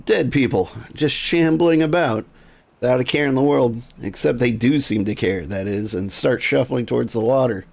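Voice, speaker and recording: Brief: man as nervy townsman, high rattled voice, fast edgy delivery, game reading. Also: creaky. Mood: spooked.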